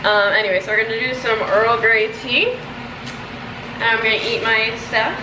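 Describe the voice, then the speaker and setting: A woman's voice: a little high, moderate pace, noisy background. A young woman in her twenties chatting casually to camera at home, rambling and self-deprecating. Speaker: vlogger. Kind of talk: casual vlog chat to camera. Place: home kitchen and bedroom.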